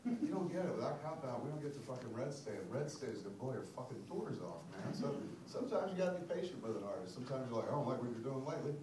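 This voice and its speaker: A man's voice: mid-range voice, quick pace. A man in his forties answering audience questions after a screening, swearing freely and telling stories with laughter. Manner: profane, animated, laughing storyteller. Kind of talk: live Q&A talk after a screening. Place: cinema auditorium with audience. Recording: echoey theater from far off with audience noise.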